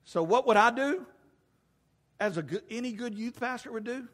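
A middle-aged man preaching a sermon in a church, telling funny stories with loud, animated asides. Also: very high-pitched, moderate pace. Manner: animated, humorous storytelling with shouted asides. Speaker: pastor. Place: church sanctuary. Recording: long hall reverb.

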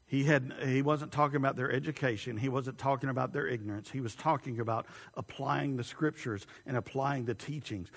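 A man's voice: medium pitch, steady tone, a little fast, creaky, few pauses. A middle-aged man preaching a sermon, telling stories and then pressing his points with emphasis. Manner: storytelling, rising to emphatic preaching. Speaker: pastor. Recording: long hall reverb.

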